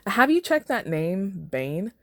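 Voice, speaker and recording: A woman's voice: mid-range voice, very animated, slow, dry recording, studio quality, voice pushed up. A woman reading the clipped lines of a guarded, brooding male hero. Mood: curt.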